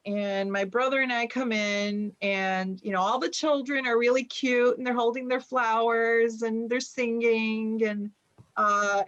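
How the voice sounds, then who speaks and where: A middle-aged woman from the United States speaks with a fairly high voice, recounting a personal story in a loose, chatty way full of fillers. She speaks from a room at home over a video call, and the sound comes through dull and lo-fi. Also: a bit bright. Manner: conversational, many fillers, acts out quoted speech. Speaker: author and journalist. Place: home room with bookshelves behind her.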